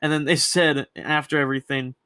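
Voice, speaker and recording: A man's voice: a little high, steady tone, a little fast, pushed and bright, smooth, no echo. A man co-hosting a podcast, casually rambling through a story with lots of swearing and acted-out quotes. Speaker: podcast co-host. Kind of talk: casual chat.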